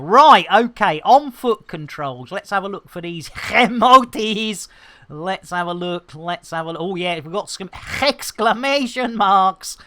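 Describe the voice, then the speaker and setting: A woman chatting casually on a game live stream, greeting and thanking viewers with lively exclamations. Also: fairly high pitch.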